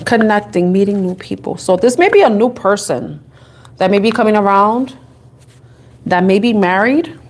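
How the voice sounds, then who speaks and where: A chatty woman reads tarot cards and thinks out loud as she goes. She giggles easily, and her voice sits in an ordinary middle register. A little background noise sits under her voice. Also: mid-range voice, animated, moderate pace. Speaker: tarot reader. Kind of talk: casual tarot reading to camera.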